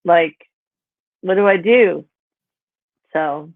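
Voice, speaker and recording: Speaking extremely slowly in a lowish voice, a sixty-something author from Pennsylvania drifts through casual stories about her life, filling them with "you know" and "like." The tinny, call-like audio has no echo.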